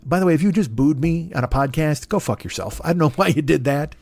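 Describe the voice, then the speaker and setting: A man's voice: fairly high pitch, expressive, quick pace, few pauses, darkish tone, no room sound. A man in his fifties hosting a comedy podcast, rambling in a profane, self-deprecating monologue. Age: 50s. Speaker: podcast host.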